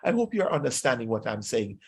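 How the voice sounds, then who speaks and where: A man's voice: mid-range voice, sing-song, fairly quick, a little mellow. A pastor with a Jamaican accent preaching a sermon, exhorting his listeners and slipping into Patois phrases.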